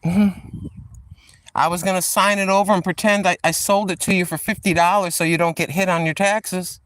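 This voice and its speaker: An older woman hosting a walking vlog outdoors in a park, chatting in a rambling way and addressing viewers as ladies and gentlemen. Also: on the low side, steady tone, normal speed, no room sound. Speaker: vlog host. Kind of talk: casual walking vlog chat.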